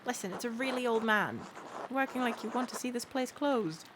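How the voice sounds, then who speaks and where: A woman's voice: a little high, lively intonation, normal speed, natural voice. A woman voicing a stern older monk in charge who scolds the scribes, in a noisy recording. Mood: scolding.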